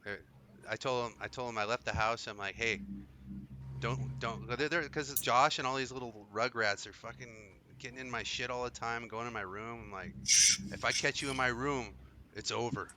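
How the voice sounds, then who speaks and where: A man tells a story among friends with a bright, forceful voice. He is blunt and swears. Faint noise sits behind him. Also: medium pitch, steady tone, brisk. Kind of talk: casual storytelling chat.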